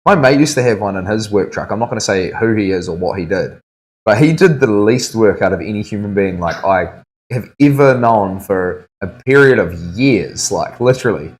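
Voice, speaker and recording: Laid-back Kiwi tattooist with a lowish voice. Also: male voice, expressive, moderate pace. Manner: laid-back banter, swears freely, laughs often. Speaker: tattoo artist streaming live. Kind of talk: casual live-stream chat. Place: tattoo studio.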